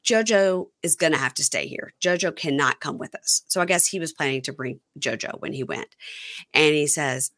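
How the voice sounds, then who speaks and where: A woman hosting a casual chat, recapping a reality show and acting out what the cast said. Her voice sits fairly low but is bright and forward. Her pitch swings widely whenever she quotes someone. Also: moderate pace. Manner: animated, acts out the cast's lines in quoted voices. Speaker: podcast host.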